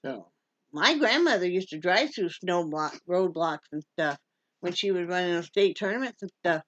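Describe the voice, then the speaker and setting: A woman's voice: on the low side, lively intonation, normal speed, fairly bright tone, no room sound. A woman from Wyoming in a casual home vlog, chatty and joking and cooing at her dog. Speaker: vlogger. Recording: dull lo-fi sound.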